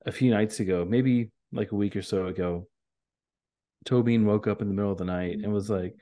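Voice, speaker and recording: A man co-hosting a podcast, talking in a laid-back, halting way with lots of fillers. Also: fairly low pitch, fairly even intonation, dark tone. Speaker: podcast co-host. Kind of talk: casual chat.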